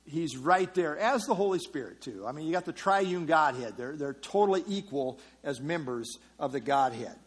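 A man's voice: fairly high pitch, expressive, normal speed, few pauses, slightly rough. A man teaching a Bible passage verse by verse in an explanatory sermon style, often repeating key phrases.

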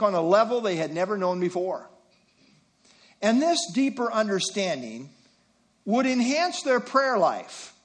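A man's voice: high voice, fairly bright tone. An older man preaching an expository sermon, teaching through verse references and rhetorical questions.

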